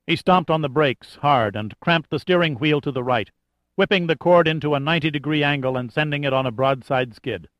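A man giving steady scripted narration of a thriller audiobook. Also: a little high, a little fast, no echo. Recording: dull lo-fi dry recording.

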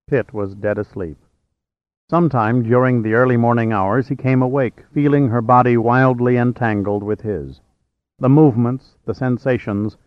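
A man narrating a novel as an audiobook reader in a steady, measured way. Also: medium pitch, no room sound. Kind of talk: scripted narration. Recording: slightly dull, dry.

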